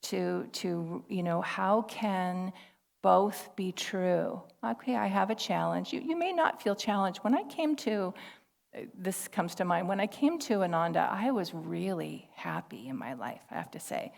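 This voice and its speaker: Woman minister, low gravelly voice, chatty storytelling sermon, long hall reverb. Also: expressive, a little slow. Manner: conversational, warm storytelling with laughter and quoted dialogue. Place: church service hall.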